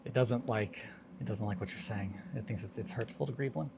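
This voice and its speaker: A man's voice: on the low side, fairly quick, creaky, noisy background. A man chatting casually on a hobby live stream, rambling and joking while he mutters to himself over his work.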